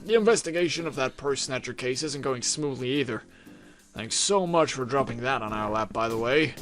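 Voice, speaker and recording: A man voicing a brusque, irritable young male police detective, reading game dialogue aloud with loud exasperation. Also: mid-range voice, expressive, moderate pace, soft background music, lightly acted. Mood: weary. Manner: loud, exasperated, shouting interrogation.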